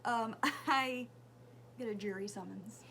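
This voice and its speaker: A woman's voice: a little high, slow pace, slight background noise. A woman in her thirties vlogging at home, chatting casually through a get-ready-with-me story and acting out conversations with her son. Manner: chatty, animated retelling, swearing freely.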